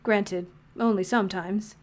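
A woman voicing an unflappable male government agent who talks in a dry, deadpan, understated way. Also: mid-range voice, a little slow, voice pushed down, lightly acted.

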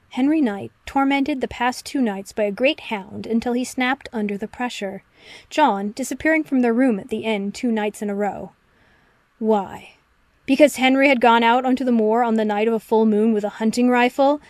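A woman narrating a story in a steady, expressive reading. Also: a little high, normal speed, dry recording. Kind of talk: audiobook reading of fan fiction.

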